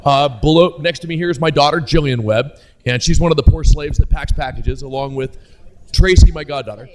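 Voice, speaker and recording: A man's voice: a little high, fairly quick, a little mellow, rough recording. Joking middle-aged male publisher. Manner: jokey, introduces people in a loose rambling way. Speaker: game publisher. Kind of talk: casual convention interview. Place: busy convention floor.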